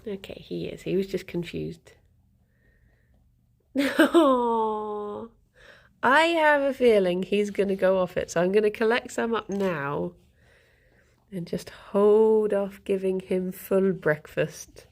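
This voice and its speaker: A woman's voice: medium pitch, expressive, slow pace, vocal fry, pauses often. A woman hosting a casual livestream, chatting to viewers and cooing to her pets with frequent giggles. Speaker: livestream host.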